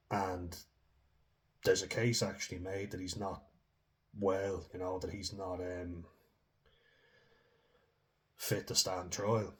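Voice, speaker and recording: A man's voice: deep voice, level tone, moderate pace, long pauses. A man giving rambling, chatty commentary on a true crime story, often reading passages aloud. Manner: rambling and chatty, with laughs and restarts.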